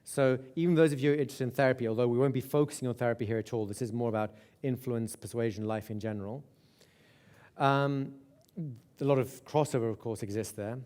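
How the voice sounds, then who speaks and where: At a brisk pace and with a steady, darkish medium-pitched voice, a man teaches a live hypnosis seminar. He talks conversationally, often saying "right?" and going back to restart and repeat words.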